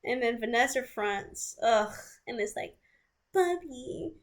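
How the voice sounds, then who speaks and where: A woman's voice: fairly high pitch, steady tone, measured pace. Casual, blunt woman reading old chats. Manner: rambling, reads messages aloud with restarts and asides; blunt and casual, swears freely. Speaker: vlogger.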